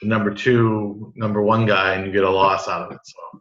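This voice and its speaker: A low-voiced man talks in a relaxed, agreeable way. His voice echoes around a roomy space and sounds dull and lo-fi. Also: fast talker, hardly any pauses. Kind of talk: casual chat about fantasy football.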